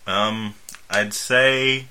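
Low, very bright-voiced joking man. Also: fairly even intonation, drawn-out words, slight background noise. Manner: dark jokey, offhand. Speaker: podcast co-host. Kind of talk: casual comedic banter.

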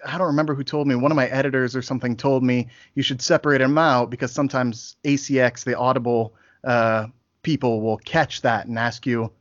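A man's voice: medium pitch, steady tone, fairly quick, no echo. A man chatting upbeat as a podcast guest, an author and audiobook narrator who talks about his work. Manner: upbeat, chatty, restarts phrases. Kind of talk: casual podcast chat. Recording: dry muffled lo-fi audio.

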